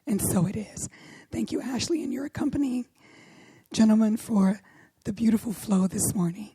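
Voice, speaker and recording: A middle-aged woman minister with a hoarse, worn voice, delivering a sermon and often dropping to a whisper for emphasis. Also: mid-range voice, normal speed, warm tone, no echo. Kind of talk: sermon with opening prayer.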